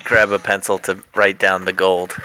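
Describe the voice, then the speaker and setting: A man playing in a tabletop game, relaxed and joking. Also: deep voice, normal speed, slight background noise. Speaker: player. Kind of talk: casual tabletop play.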